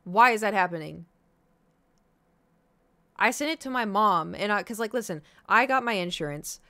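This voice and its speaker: A woman in her thirties telling a story to her stream viewers in a casual chat, animated and full of swearing, acting out her own reactions. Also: mid-range voice, moderate pace, no echo. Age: 30s. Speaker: livestreamer.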